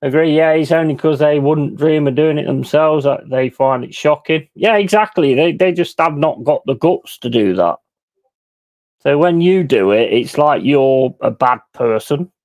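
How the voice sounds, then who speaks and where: A man's voice: on the high side, moderate pace, darkish tone, no echo. A middle-aged man hosting a live stream, ranting bluntly and swearing freely in casual chat. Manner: mimics other people in quoted voices. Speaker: livestream host.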